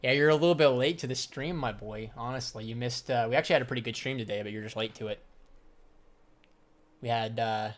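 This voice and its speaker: A young adult crypto trader on a livestream speaks fairly quickly in a mid-range voice. Laughing often, he talks trading and answers his viewers in a loose, slangy manner full of profanity.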